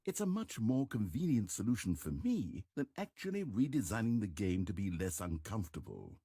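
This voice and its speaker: An actor playing a dry, sarcastic male narrator in a video game, with a wry, deadpan delivery. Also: fairly low pitch, moderate pace, breathy edge, heavily acted. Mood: sardonic. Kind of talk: game voice acting clip.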